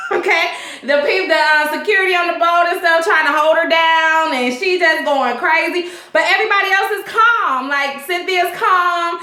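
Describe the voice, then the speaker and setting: High bright woman ranting bout a tv episode, cussing and cracking up, echoey room. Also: moderate pace, a little hiss or hum. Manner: laughs a lot, profane and animated. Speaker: host of a TV recap show. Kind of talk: casual TV episode recap.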